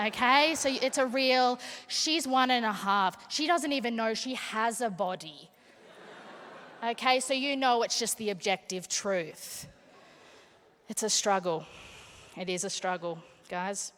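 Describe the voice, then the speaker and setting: A young woman doing brash, animated stand-up comedy and teasing the crowd from a stage. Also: a little high, a little slow. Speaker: stand-up comic speaker. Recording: long hall reverb.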